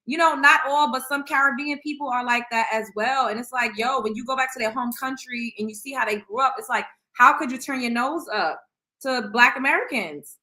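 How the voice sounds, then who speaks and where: A woman's voice: sits high, a little fast, bright, forceful tone. A woman hosting a livestream, chatting in slang with her viewers. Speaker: show host. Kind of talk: casual livestream chat.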